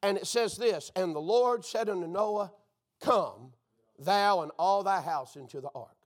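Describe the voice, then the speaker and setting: Man, very high-pitched, fervent sermon, shouted bursts. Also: normal speed. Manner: fervent preaching with shouted bursts and "dear friend" refrains. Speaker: preacher.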